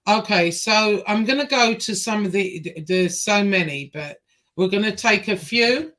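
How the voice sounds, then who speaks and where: Slow, halting woman livestream host. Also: medium pitch, expressive, a bit bright. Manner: halting, many fillers and pauses; slow-paced, reads messages aloud. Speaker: show host. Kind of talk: livestream interview.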